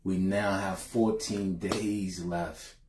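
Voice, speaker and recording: Live-stream host, middle-aged man, low mellow voice, echoey room, folksy and emotional. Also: steady tone, takes it slowly, slight background noise. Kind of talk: casual live-stream talk.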